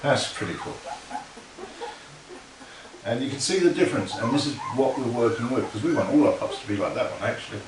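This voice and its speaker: A man's voice: medium pitch, lively intonation, a little fast, pauses often. Male dog breeder, casual explainer, distant mic, roomy kennel, crowd chatter behind. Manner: talks softly to puppies between explanations. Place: kennel with puppies.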